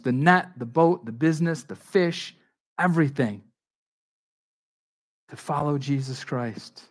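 A man's voice: a little high, unhurried, long pauses. A man preaching a sermon as pastor, talking in a conversational but emphatic way, with restarts and asides to his congregation. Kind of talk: expository sermon.

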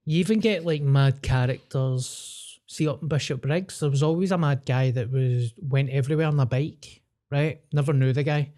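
Young Glaswegian guy, mellow warm tone, rambling podcast storyteller. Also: medium pitch, normal speed. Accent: Glaswegian Scottish. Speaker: podcast co-host. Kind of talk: casual chat.

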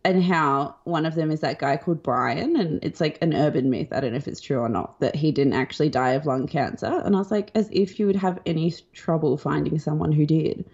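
A young woman co-hosting a podcast, chatting in an animated, wry way. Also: deep voice, a little fast, hardly any pauses. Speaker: podcast co-host. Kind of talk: casual chat. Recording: dull lo-fi sound.

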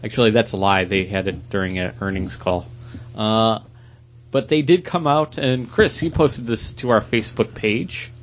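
A man's voice: fairly low pitch, moderate pace. A man co-hosting a podcast, joking and offhand in casual chat. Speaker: podcast co-host. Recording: dull lo-fi sound.

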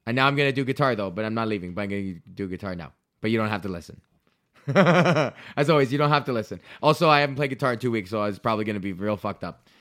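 A man's voice: on the low side, expressive, fast, fairly bright tone. A man hosting his own podcast alone, rambling casually with a loose, profane, self-correcting manner. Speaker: podcast host. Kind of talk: casual solo podcast rant.

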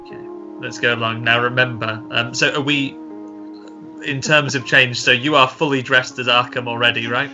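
A man's voice: medium pitch, fairly even intonation, moderate pace, bright, forceful tone. A man playing a tabletop game, eagerly planning the party's moves. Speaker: player. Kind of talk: casual tabletop play. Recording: dull lo-fi with music behind.

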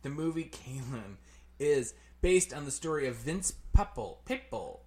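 A man's voice: medium pitch, expressive, a little mellow. Guy cohosting a comic shop podcast, goofy banter, mid voice. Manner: joking, playful, quick back-and-forth. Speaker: podcast co-host.

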